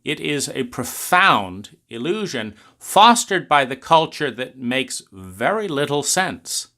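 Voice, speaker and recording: Slow-talking man with a bright voice. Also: medium pitch, very animated. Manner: unhurried, questioning, drawn-out emphasis. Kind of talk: philosophical talk.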